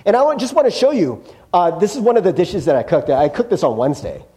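A man's voice: high voice, lively intonation, fast, mellow. A middle-aged male pastor giving a casual, conversational sermon, chatty and self-deprecating, with lots of fillers and rhetorical "right?" checks.

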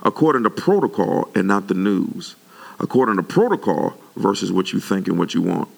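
A male pastor delivering an animated sermon, his pitch jumping up when he gets worked up. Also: normal speed, vocal fry.

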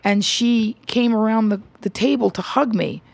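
A middle-aged woman comedian telling an animated story in an interview. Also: on the high side, moderate pace, creaky, no room sound. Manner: animated, tells anecdotes with acted quotes. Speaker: stand-up comedian and radio host.

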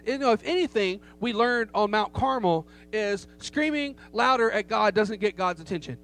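A man's voice: high-pitched, animated, normal speed, fairly bright tone. A middle-aged man preaching a sermon, telling a story with emphasis and rhetorical questions to the congregation. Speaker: pastor. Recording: faint hum behind the voice.

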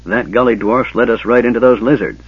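A man's voice: mid-range voice, brisk, breathy edge, no room sound, narrow, tinny audio. A man voicing a grumpy old male dwarf who grumbles. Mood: grumbling.

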